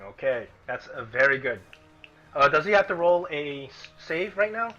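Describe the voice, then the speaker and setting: Bright-voiced man running a tabletop game. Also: fairly high pitch, expressive, normal speed, highs cut off, faint music behind. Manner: thinks aloud, restarts sentences. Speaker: game master.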